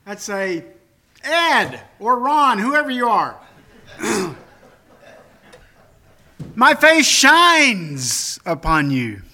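A man's voice: high-pitched, big pitch swings, very slow, pauses often, sharp tone, voice pushed up, exaggerated voice. A man voicing God as a loving fatherly deity, speaking in emphatic, reassuring declarations.

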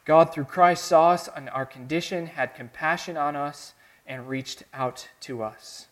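A man's voice: a little high, steady tone, measured pace. Earnest Southern man preaching a sermon. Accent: Southern American. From American South. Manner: earnest, dramatic swings between soft and emphatic. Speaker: pastor.

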